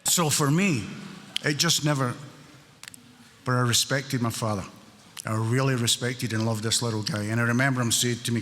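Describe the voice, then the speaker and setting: A man's voice: mid-range voice, normal speed, long pauses, fairly bright tone. A man in his sixties with a Glaswegian Scottish accent, sharing his story at a recovery meeting with wry, joking humor. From Scotland. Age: 60s. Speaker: AA meeting speaker. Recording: reverberant hall.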